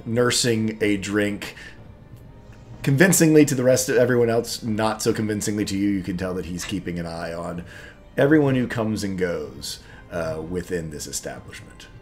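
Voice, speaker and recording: A deep-voiced man narrating as game master for a tabletop game. He rambles and restarts often while working out details, with soft music playing faintly behind. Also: moderate pace. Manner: rambling, many fillers and restarts.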